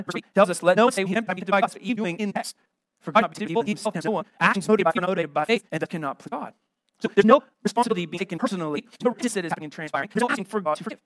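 A middle-aged American pastor preaching a sermon, emphatic and full of rhetorical questions. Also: male voice, high voice, fairly bright tone, no echo.

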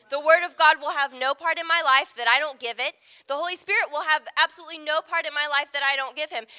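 A woman pastor delivers a sermon in a relaxed, conversational way. Her voice sits high and sounds very bright and sharp. She keeps turning to the congregation with quick asides. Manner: conversational, frequent "right?" asides.

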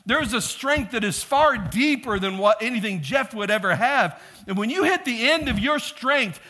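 Pastor, male, high and bright voice, animated storyteller who acts out the shouts. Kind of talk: sermon.

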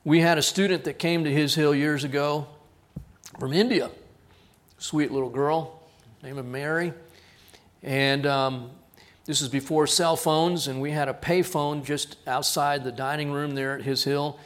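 High-voiced animated male pastor. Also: unhurried. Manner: animated storyteller, acts out quoted voices. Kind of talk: sermon storytelling. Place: church.

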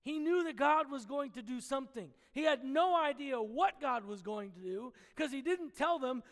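A man's voice: very high-pitched, expressive, a little fast, few pauses, big-room sound. A man preaching a sermon, earnest and teaching, with playful asides where he chuckles at the story.

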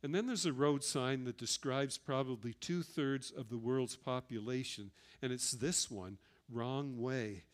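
A man's voice: medium pitch, measured pace, few pauses. Middle-aged male pastor, earnest storytelling sermon delivery, mid-range voice. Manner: earnest storytelling with personal anecdotes.

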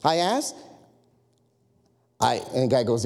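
A man preaching a sermon as pastor, animated and conversational, full of rhetorical questions. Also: on the high side, a little slow, pauses often, in a large hall.

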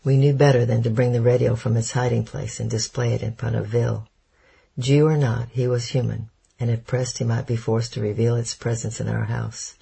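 A man narrating a chapter of an audiobook in a steady, measured storytelling manner. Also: medium pitch, gravelly, slightly rough. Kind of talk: scripted narration.

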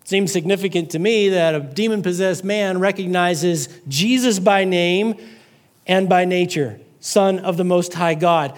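A male pastor preaching in a loose, conversational sermon, often stopping to check the congregation is following. His voice sits notably high for a man, and he restarts words as he thinks aloud. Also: normal speed. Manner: repeats words while thinking.

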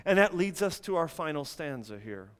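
A man preaching a sermon, emphatic at times and dropping to quiet intensity. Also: on the high side, big pitch swings, moderate pace, clear, resonant tone, in a large hall.

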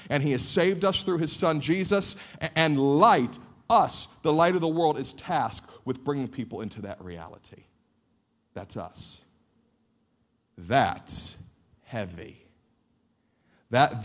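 A man preaching a sermon with animated emphasis and frequent repeated words. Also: fairly high pitch. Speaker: pastor.

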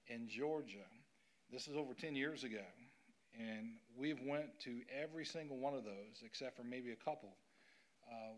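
A middle-aged male pastor telling a personal story during a sermon, acting out what people said. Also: medium pitch. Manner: animated storyteller acting out quotes.

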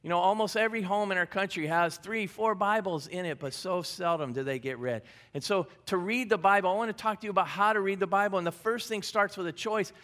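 A man with a notably high voice preaches to his congregation. He keeps the tone conversational and repeats his main points for emphasis. He slips in bits of gentle humor along the way. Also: brisk, hardly any pauses. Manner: conversational, repeats key phrases, light humor. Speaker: pastor. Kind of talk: sermon. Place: church service.

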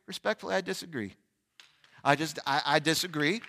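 A man preaching an energetic Easter sermon as pastor, shifting between loud fervent bursts and quiet, reflective asides. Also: on the high side, fairly quick, a little hiss or hum. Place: large church sanctuary. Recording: long church hall reverb.

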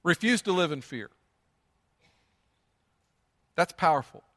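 A pastor preaching a sermon in a church sanctuary, earnest and emphatic, driving his points home by repeating them. His voice is high and bright, carrying a long reverb from the large room around him. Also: expressive, slow.

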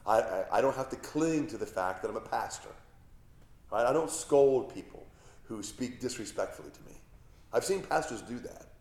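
A man's voice: lowish voice, brisk, darkish tone. A middle-aged male pastor giving a sermon in a conversational way, with rhetorical questions and asides.

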